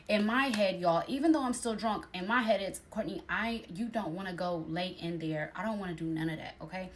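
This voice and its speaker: Animated young woman telling a storytime. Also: mid-range voice. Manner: animated, acts out the other voices in her story. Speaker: storyteller in a clip. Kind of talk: casual storytime.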